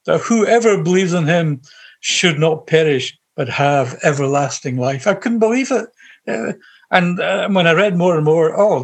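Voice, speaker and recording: Middle-aged glasgow guy, heartfelt and rambly, voice sits a bit high. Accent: Glaswegian Scottish. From Scotland. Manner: earnest, heartfelt, rambling with restarts. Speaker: guest sharing his faith testimony. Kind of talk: personal testimony in conversation.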